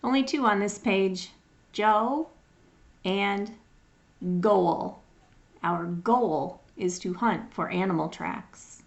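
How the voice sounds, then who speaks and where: A woman leads a phonics lesson and sounds out each word patiently, one at a time. She talks very slowly, with a gravelly edge to her voice. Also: mid-range voice, muffled recording. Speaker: phonics teacher. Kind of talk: slow phonics lesson reading.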